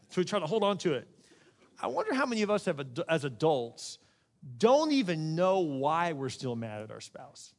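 A middle-aged man delivers a sermon in a lively, conversational way. His voice sits a little high, and he often slips into other people's voices to make a point. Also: normal speed, in a large hall. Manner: animated and conversational, acting out quoted voices. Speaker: pastor.

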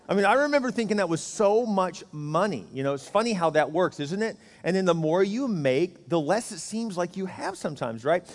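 A man's voice: sits high, lively intonation, brisk, few pauses. A man pastor giving a conversational, joking sermon full of rhetorical questions. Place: church sanctuary. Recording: church hall reverb.

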